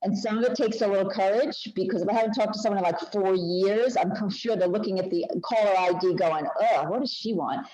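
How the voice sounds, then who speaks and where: A woman's voice: mid-range voice, fairly even intonation, brisk, few pauses, warm tone, highs cut off. An older woman co-presenting an online workshop, speaking reflectively in a conversational way over a video call. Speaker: webinar co-presenter. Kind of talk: casual talk to an online audience.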